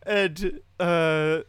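A man's voice: high voice, a bit bright, no echo. A man co-hosting a casual wrestling podcast, swearing casually and laughing a lot. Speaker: podcast co-host.

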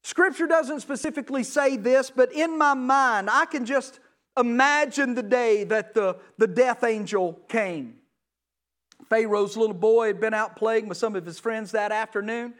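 A man preaching a sermon to a large room, telling a story with acted voices, swinging between loud and hushed. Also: very high-pitched, fairly even intonation, measured pace. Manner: dramatic storytelling with acted dialogue. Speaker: pastor.

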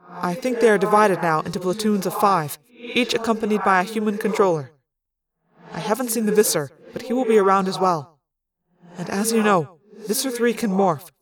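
A woman's voice: medium pitch, close to an everyday voice. A woman voicing a polite young male alien who speaks formally and precisely in a fan audiobook reading. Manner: formal, precise, even-toned.

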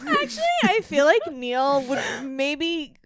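High, animated tipsy young woman. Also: takes it slowly, over a noisy crowd. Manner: giggly, playful, joins in with teasing. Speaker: guest. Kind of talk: casual chat.

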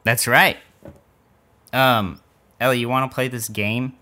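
A man's voice: mid-range voice, steady tone, a little slow, sharp tone. A young man co-hosting a casual podcast, teasing and self-deprecating as he runs a game. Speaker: podcast co-host.

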